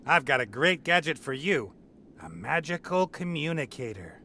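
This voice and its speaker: A man's voice: fairly high pitch, big pitch swings, normal speed, bright, forceful tone. A man voicing a sly young adventurer posing as a hatter in a video game, teasing and mock-gallant. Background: game music.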